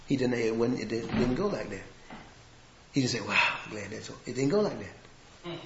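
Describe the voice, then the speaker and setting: A man's voice: mid-range voice, expressive, moderate pace, pauses often, dull audio, a loud crowd. Impassioned man preaching in echoey church. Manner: swings from hushed to shouting, folksy grammar. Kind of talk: sermon.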